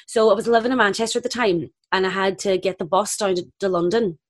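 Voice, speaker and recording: Young actress, rapid and lively, acts out the voices in her anecdotes. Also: medium pitch. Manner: animated, acts out quoted voices. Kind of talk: casual chat, storytelling.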